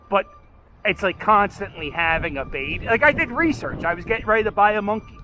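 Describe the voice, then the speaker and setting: Guy filming his dog walk, bright animated voice, rambling jokey commentary outdoors. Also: sits high, a little fast, a little hiss or hum. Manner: chatty, rambling and joking. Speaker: vlog host walking his dog. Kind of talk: casual walking commentary. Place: outdoors on city streets.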